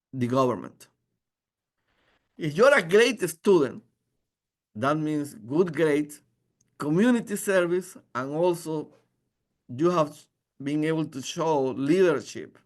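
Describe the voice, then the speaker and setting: A man presenting his engineering department as a faculty member, earnest and halting with frequent restarts. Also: a little high. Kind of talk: informational presentation.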